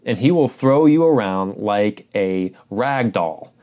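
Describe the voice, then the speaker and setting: A man's voice: lowish voice, lively intonation, slow pace, darkish tone. A man preaching a sermon, earnest and urgent, repeating phrases for emphasis.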